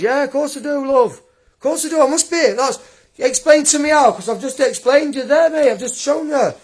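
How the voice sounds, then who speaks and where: On a livestream, a young man with a high voice goes on an angry rant. He taunts and mocks his critic with combative scorn, laughing as he goes.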